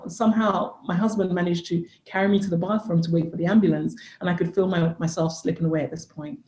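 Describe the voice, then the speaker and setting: A woman in her thirties, a podcast guest and coach, telling an earnest personal story in an animated way. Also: fairly low pitch, echoey room, rough recording. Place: living in England.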